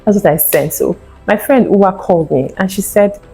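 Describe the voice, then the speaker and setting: A woman's voice: mid-range voice, moderate pace, warm tone, slightly rough, soft background music, low-quality recording. Earnest woman telling a personal story. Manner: earnest, emotional retelling with acted quotes. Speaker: vlogger sharing a fertility testimony.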